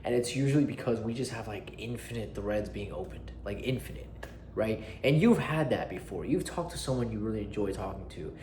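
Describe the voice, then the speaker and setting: A man's voice: lowish voice, expressive, fairly quick, darkish tone, slight background noise. A young man giving direct advice on conversation skills, casual and emphatic, often checking in with "right?", and swearing freely. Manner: uses his hands and body while talking. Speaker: dating and social skills coach. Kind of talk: direct-to-camera advice talk. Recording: echoey room.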